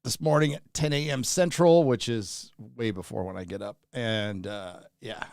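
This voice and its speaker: A man's voice: on the low side, normal speed, vocal fry, darkish tone, no room sound, clean studio sound. A tired man hosting a livestream, chatting casually and rambling as he reads out viewer names. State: tired, running on little sleep. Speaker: livestream host.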